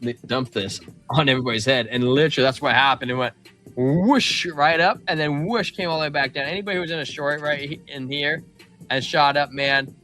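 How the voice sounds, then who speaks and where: A man hosting a casual crypto livestream, running through charts in an excitable, slangy way. His voice sits at an ordinary middle pitch with a bright, forceful tone. Faint music plays underneath. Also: quick pace. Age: adult father of a young child. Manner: loose, slangy, excitable, calls listeners man and bro. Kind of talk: casual market chart commentary.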